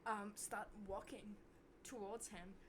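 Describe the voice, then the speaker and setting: A young woman vlogger telling a story casually to camera, swearing often and getting loud when worked up. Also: slow pace, background noise. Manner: animated, swears a lot, voice jumps high when worked up.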